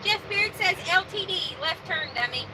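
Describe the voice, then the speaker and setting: A woman's voice: very high-pitched, animated, moderate pace, noisy background. A woman co-hosting a casual live stream from a truck cab, reading viewer comments and teasing her partner. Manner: teasing, corrects his pronunciation.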